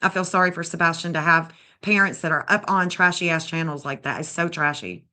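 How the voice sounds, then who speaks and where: A woman's voice: deep voice, a little fast, sharp tone. A woman, bluntly and indignantly scolding as she comments on a livestream. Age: 50s. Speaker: true crime streamer.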